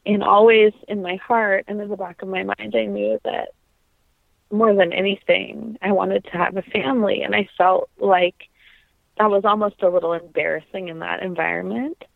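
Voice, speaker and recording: A woman's voice: medium pitch, steady tone, normal speed, vocal fry, no echo. A young adult woman, a trained opera singer, talks in a reflective, heartfelt way in a casual interview. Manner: reflective, heartfelt, many fillers. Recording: tinny phone-like sound.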